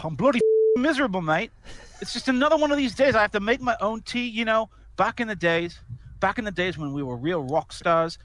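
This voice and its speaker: A man's voice: high-pitched, fairly bright tone, no echo. A man putting on a whiny British rock star. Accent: mock British, drifting toward Australian. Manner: whiny, complaining. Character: grumpy washed-up male British rock star. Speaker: co-host.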